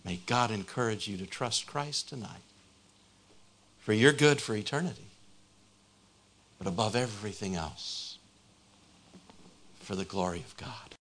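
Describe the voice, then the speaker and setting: A man's voice: lowish voice, a little slow, pauses often, a bit bright. A man preaching a sermon, retelling a conversion story and building to a fervent appeal.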